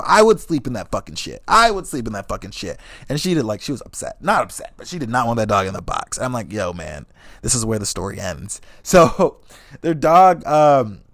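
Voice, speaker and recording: A young man ranting about his dates with lots of swearing and a lively voice that swings up and down. He sits close to the mic, and the sound is dry and plain. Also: mid-range voice, no echo. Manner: animated, swears constantly, laughs mid-story. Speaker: vlogger. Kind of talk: profane comedic storytelling rant.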